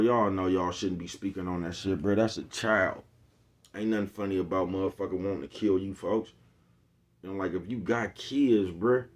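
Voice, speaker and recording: A middle-aged man with a low, deep voice talks straight to his viewers. His delivery is laid-back and full of street slang. He keeps throwing in asides to his listeners as he goes. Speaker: vlogger. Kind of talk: casual monologue to viewers.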